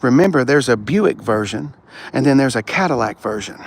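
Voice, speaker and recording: A man's voice: mid-range voice, expressive, fairly quick, vocal fry, slight background noise. A man hosting a casual live car walkaround on a sunny outdoor dealership lot, rowdy and joking, swearing freely.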